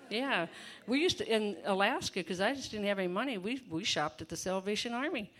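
A woman's voice: medium pitch, lively intonation, normal speed. A woman preaching an informal sermon in a chatty, folksy way, laughing often and breaking into asides.

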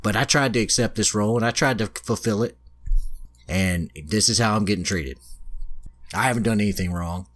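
A man's voice: fairly low pitch, brisk, fairly bright tone, lightly acted. A man voicing a young male shield hero from an anime retelling, ranting in an aggrieved tone close to his own voice. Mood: bitter rant.

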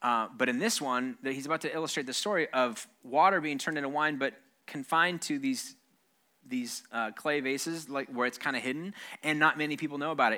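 A man in his thirties delivers a sermon in a loose, joking way, talking directly to the congregation. His voice is very bright and forward. His pitch sits in the middle range for a man, and he often stumbles and restarts as he thinks aloud. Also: fairly quick. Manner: humorous, conversational, with frequent restarts and asides to the congregation. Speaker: pastor.

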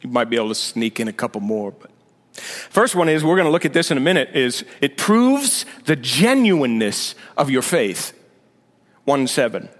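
A man's voice: mid-range voice, big pitch swings, normal speed. A male senior pastor giving a conversational sermon with sarcastic asides, building to emphatic points. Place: church sanctuary. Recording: long reverb of a big hall.

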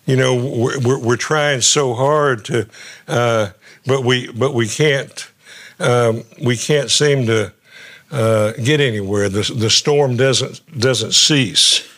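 Man, middle-aged pastor, sermon, halting, repeats words, plain mid pitch. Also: fairly bright tone. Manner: halting, repeats words often, conversational preaching. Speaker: guest pastor.

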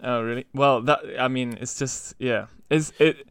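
Brief: male co-host, hesitant and emphatic, crisp voice with a dry sound. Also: medium pitch, fairly even intonation, unhurried, fairly bright tone, no room sound. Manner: hesitant, many restarts, emphatic. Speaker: podcast co-host. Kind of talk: casual chat.

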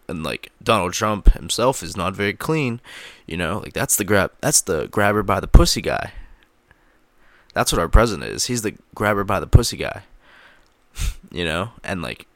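Low gravelly man ranting casually. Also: lively intonation, normal speed, dry recording. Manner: profane, filler-heavy, laughs at own jokes. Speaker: vlogger. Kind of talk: casual rambling commentary. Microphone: close microphone.

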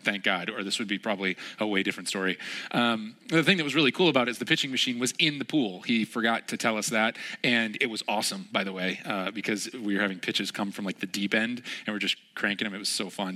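Bright-voiced man preaching with animated storytelling. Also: medium pitch. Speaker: pastor. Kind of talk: sermon with personal story.

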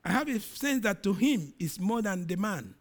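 High, lively-voiced male preacher. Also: normal speed. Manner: dramatic scripture reading, rising to loud emphasis then dropping low. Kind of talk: sermon.

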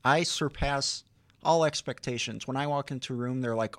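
A man co-hosting a radio comedy show, talking in a deadpan, mock-arrogant way. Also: mid-range voice, moderate pace, dry recording, clean studio sound. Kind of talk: casual comedic banter.

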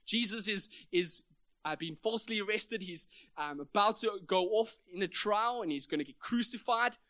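A man's voice: high voice, moderate pace, pushed and bright, dry recording. A man preaching a sermon at a church meeting, emphatic and building up to big points.

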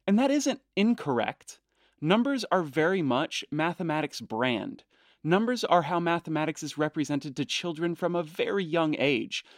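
A man hosting a podcast in scripted narration, loud and brash with a playful, teasing manner. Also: fairly high pitch, animated, normal speed, no echo, studio quality. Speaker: podcast host.

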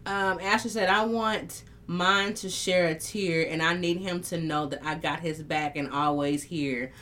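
A woman with a bright, forceful voice hosts a live talk stream and reads comments from viewers. She talks candidly and emotionally, with plenty of swearing. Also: fairly low pitch, steady tone, a little slow, slight background noise. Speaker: host of a live talk show. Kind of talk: casual live-stream chat reading comments.

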